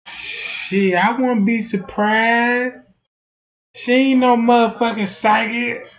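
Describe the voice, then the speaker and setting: A man's voice: extremely high pitch, steady tone, slow, a bit bright. A man in a casual, profane, rambling rant as a streamer, keeps asking if you know what he's talking about. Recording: roomy, off-mic sound.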